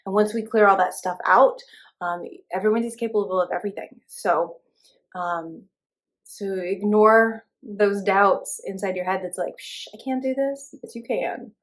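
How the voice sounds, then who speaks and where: A young woman leads a spiritual class in a loose, conversational way. She talks casually, with plenty of fillers and restarts. Her pitch sits in an ordinary middle range. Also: a little slow. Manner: relaxed, chatty, many fillers and restarts. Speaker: spiritual teacher.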